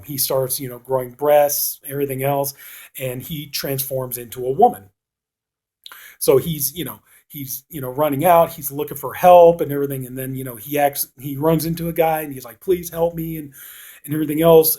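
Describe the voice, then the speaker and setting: Guy rambling thru a horror movie plot, kinda husky, says you know a lot. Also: fairly high pitch, dark tone. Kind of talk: casual spoken movie review.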